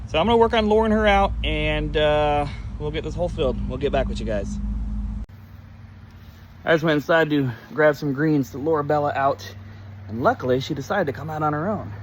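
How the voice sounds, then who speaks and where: A man filming a casual outdoor vlog as a reptile keeper, chatting in a relaxed way and talking fondly to his tortoises. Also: on the high side, brisk, a little hiss or hum. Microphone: camera set on ground.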